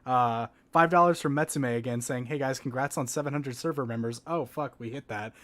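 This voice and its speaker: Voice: mid-range voice, fairly quick, very noisy. A podcast co-host reading out donations in a dry, teasing, casual way.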